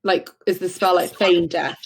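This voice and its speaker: A woman's voice: on the low side, steady tone, normal speed, a little hiss or hum. A woman playing in a tabletop game, asking urgent, restless questions about what is happening. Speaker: player. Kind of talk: casual tabletop play.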